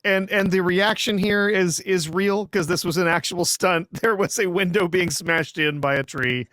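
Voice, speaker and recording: A man's voice: high-pitched, moderate pace, fairly bright tone, no room sound, studio quality. A man on a movie podcast sharing film trivia and quoting lines, laughing as he goes. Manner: shares trivia, laughs while talking. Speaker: podcast co-host. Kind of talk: casual movie review chat.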